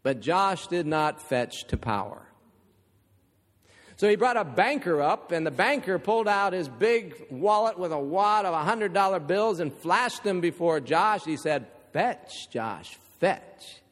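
High-voiced man preaching in a reverberant hall. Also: lively intonation, measured pace, fairly bright tone. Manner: storytelling with rhetorical questions and humorous asides. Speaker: pastor. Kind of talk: sermon. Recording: long reverb of a large hall.

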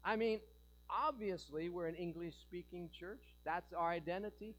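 A man's voice: high-pitched, normal speed, fairly bright tone, poor audio. A man preaching a sermon in a church, joking and asking the congregation rhetorical questions. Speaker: pastor.

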